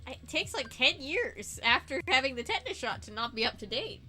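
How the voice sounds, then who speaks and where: A woman hosts a casual gaming stream in a higher, very lively voice. She is playful and giggly, and she teases her friend. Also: fairly quick, over music. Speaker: host. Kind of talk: casual chat while gaming.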